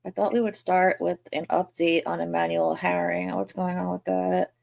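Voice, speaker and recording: A woman's voice: lowish voice, level tone, moderate pace, gravelly, darkish tone, no echo. A woman chatting casually as a podcast co-host, blunt and given to exaggeration, laughing often. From New York City. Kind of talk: casual chat. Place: home room.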